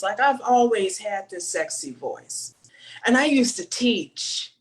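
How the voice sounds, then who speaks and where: Brief: woman stand-up comic from Chicago, fairly high voice, lively storyteller, laughs through her own lines. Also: slow pace. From Chicago, USA. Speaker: stand-up comedian. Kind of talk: stand-up comedy set.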